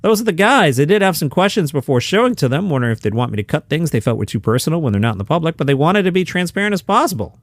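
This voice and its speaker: A man hosting a comedy news podcast, reading headlines and quotes with lively, sarcastic asides. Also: on the high side, racing, few pauses, no room sound, studio quality.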